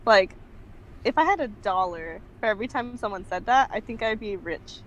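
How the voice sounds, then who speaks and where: A woman's voice: mid-range voice, lively intonation, moderate pace, a little hiss or hum, poor audio. A young woman telling a casual story as a podcast guest, her talk full of "like". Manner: chatty, fills speech with "like".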